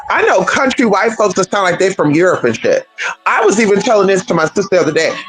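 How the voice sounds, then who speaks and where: A livestream host rants straight to viewers, firing off rhetorical questions and cursing freely. The voice rides a wide, lively pitch range. Soft music hums underneath. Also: rough recording. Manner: animated, rhetorical, with profanity. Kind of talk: livestream rant.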